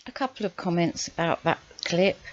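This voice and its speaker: A woman's voice: fairly low pitch, expressive, moderate pace, dry recording. Woman host reacting to clips, annoyed and sarcastic, dry muffled mic. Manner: exasperated, sarcastic rhetorical questions. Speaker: channel host, commentator. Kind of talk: reaction commentary.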